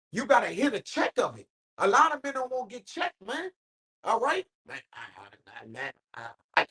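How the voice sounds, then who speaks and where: A man's voice: high voice, poor audio. A man leading an informal Bible study, preaching emphatically and swearing casually as he talks.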